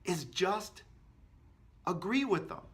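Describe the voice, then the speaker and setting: Bright, energetic male sales trainer. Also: high voice, slow, breathy edge. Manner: energetic, acts out customer and agent lines. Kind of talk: instructional talk to camera.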